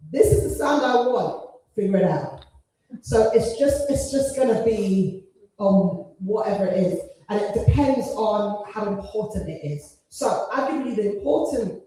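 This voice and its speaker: A woman leading a gospel singing workshop, talking casually with sung demonstrations and frequent laughs. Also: medium pitch. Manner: lively, demonstrates phrases by singing, laughs often. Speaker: gospel choir leader and workshop teacher. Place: large hall at a conference. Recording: echoey hall, voice from far off the mic.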